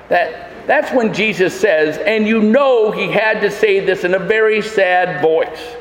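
A man's voice: sits high, takes it slowly, few pauses, slight background noise. A man pastor preaching a sermon in a church, emphatic, with many rhetorical questions. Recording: echoey hall with long reverb.

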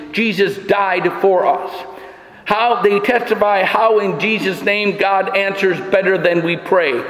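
A man preaching a sermon as a pastor, emphatic, his delivery swinging between soaring and hushed. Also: high voice. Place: church. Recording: echoey church hall.

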